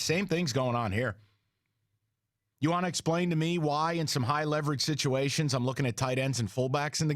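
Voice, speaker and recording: Male sports radio host, fairly high voice, dry close sound, blunt heated rant. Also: no room sound. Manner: blunt, heated, profane ranting.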